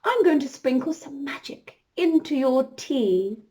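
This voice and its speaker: A woman's voice: high-pitched, very animated, mellow. A woman playing a kindly fairy godmother. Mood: reassuring. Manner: measured, thoughtful.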